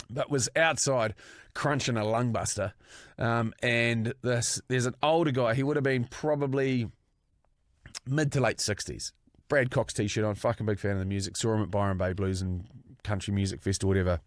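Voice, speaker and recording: Sweary, animated man in his forties. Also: mid-range voice, moderate pace, no echo, studio quality. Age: 40s. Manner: sweary, animated anecdote telling with acted quotes. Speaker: podcast co-host. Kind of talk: casual storytelling chat.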